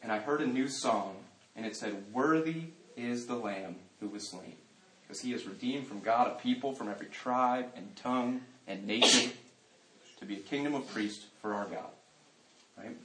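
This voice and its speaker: A man gives a conversational Christian talk to an audience, swinging between playful asides and hushed, earnest reflection. His voice sits at an ordinary middle pitch. The sound is roomy and picked up from some distance, with a faint ambient hum behind it. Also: moderate pace. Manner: humorous, shifting into quiet earnest reflection. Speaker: speaker giving a Christian talk.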